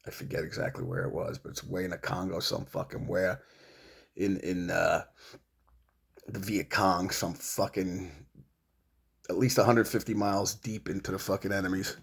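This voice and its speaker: Middle-aged guy ranting at someone who isn't there, lots of cursing, gravelly husky voice. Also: sits low, flat delivery, a little slow, pauses often. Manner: profane, confrontational, addressing an absent rival. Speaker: vlogger. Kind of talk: rambling monologue.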